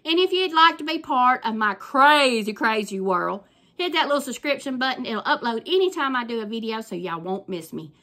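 A grandmother with a Southern US accent, chatting warmly and effusively to her viewers about crafts in a casual vlog. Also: a little high, expressive, normal speed. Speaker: crafting vlogger.

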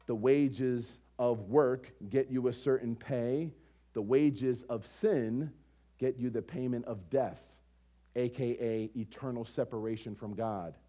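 A man preaching a sermon as pastor, conversational and animated, full of rhetorical questions. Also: mid-range voice.

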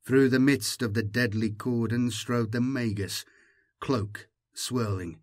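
Male narrator, scripted audiobook reading, slow, measured, dramatic, mid pitch. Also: fairly even intonation.

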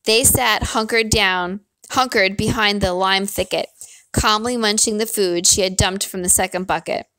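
Brief: woman narrator reading a novel, expressive, dry close sound. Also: mid-range voice, normal speed, no echo. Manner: expressive first-person storytelling.

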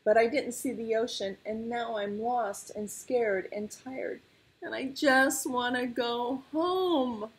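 A woman's voice: mid-range voice, lively intonation, takes it slowly, dark tone, breathy edge, pitched above the performer's own voice, heavily acted. A woman voicing a frightened, lost little male tiger cub in a storybook, whimpery and anxious.

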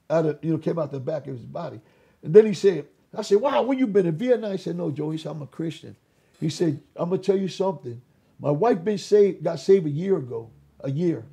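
An older man with a very raspy voice, giving an animated personal testimony as an interview guest, acting out dialogue and restarting his sentences often. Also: on the high side. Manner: re-enacts dialogue, repeats words and restarts often. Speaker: interview guest, former gang leader.

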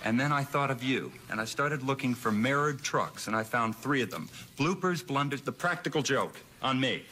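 A man appearing as a talk show guest, telling anecdotes in an animated, self-deprecating way. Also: medium pitch, moderate pace, slight background noise. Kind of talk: anecdotal storytelling. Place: TV studio.

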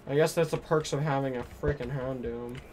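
A man streaming a game live, chatting excitably, muttering to himself and to his chat. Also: mid-range voice, fairly quick, noisy background. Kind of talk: live gameplay commentary.

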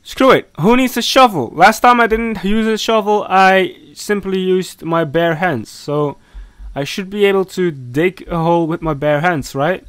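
A man doing let's-play commentary on a horror game, talking to himself and the characters. He is jumpy and mock-scolding, swinging from low mutters to sudden yelps. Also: a little slow, clear, resonant tone, no echo. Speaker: gaming commentator.

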